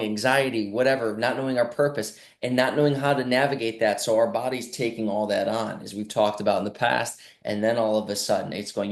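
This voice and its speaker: A man giving an earnest health talk as a reflective monologue, often acting out quoted voices and slowing down for emphasis. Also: mid-range voice. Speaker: clinic health speaker.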